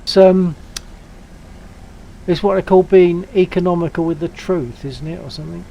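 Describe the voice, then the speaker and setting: A man with a higher-pitched voice joking sardonically with his flight-sim team over a headset. A faint hum runs behind his voice. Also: fairly even intonation, normal speed, gravelly, lo-fi sound. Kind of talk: casual gaming chat.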